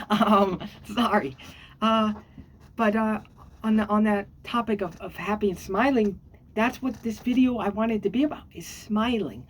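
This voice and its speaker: A woman vlogger talks casually to her camera at a mid pitch. She rambles with plenty of fillers, "um"s and restarts. Now and then she jumps into squeaky, excited highs. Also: moderate pace, a little hiss or hum. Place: at home on a squeaky chair.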